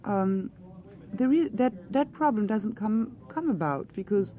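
A woman's voice: medium pitch, lively intonation, a little slow, warm tone, highs cut off. A woman answering questions as an actress in a press interview, earnest and searching for her words.

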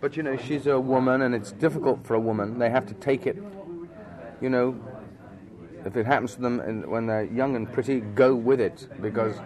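A man's voice: mid-range voice, moderate pace. Chatty man in a noisy restaurant. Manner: chatty, frank, repeats words when starting, fills gaps with "you know". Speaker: actor, interview guest. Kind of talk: relaxed conversational interview. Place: busy restaurant. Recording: loud crowd chatter behind.

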